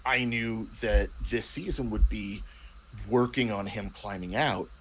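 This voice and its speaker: A man's voice: fairly low pitch, measured pace, a little hiss or hum, rough recording. A man chatting casually about the tabletop game he plays in, rambling and restarting his sentences often. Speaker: player in a tabletop role-playing show. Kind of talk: casual chat.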